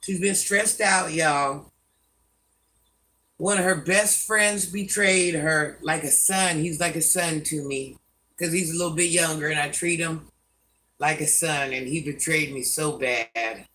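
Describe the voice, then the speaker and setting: A woman's voice: low voice, measured pace, sharp tone, distant mic, poor audio. An older woman hosting a live stream, scolding commenters by name and chatting with viewers. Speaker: livestream host.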